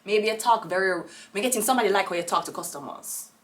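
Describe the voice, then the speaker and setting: A woman's voice: medium pitch, fast, distant mic, a little hiss or hum. Blunt Jamaican woman reading tarot. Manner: rambling, blunt and profane, with sudden loud rants. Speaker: tarot reader.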